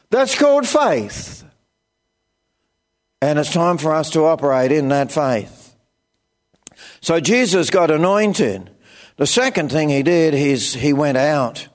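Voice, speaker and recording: A man's voice: a little high, expressive, unhurried. An older man with an Australian accent preaching a sermon, telling plain-spoken stories and acting out quoted voices. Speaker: pastor.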